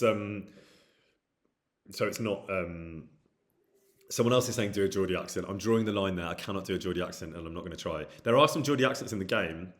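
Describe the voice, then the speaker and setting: Low-voiced man chatting on a stream. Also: a bit bright. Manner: rambling, reads out and answers viewer questions; frequent hesitant fillers. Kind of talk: casual live-stream chat.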